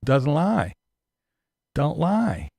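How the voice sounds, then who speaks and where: Male commentator, gravelly and sarcastic, swearing, pitch swinging widely, dry close sound. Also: wildly swooping pitch, slow pace, darkish tone, dry recording. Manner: profane, sarcastic, mocking. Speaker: YouTube commentator. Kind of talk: ranting commentary.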